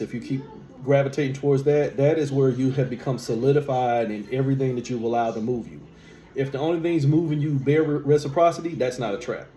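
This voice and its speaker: Male spiritual teacher, mellow mid voice, emphatic rhetorical delivery, roomy recording. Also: medium pitch. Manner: emphatic, rhetorical questions, repeats key phrases. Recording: echoey room with faint background hum.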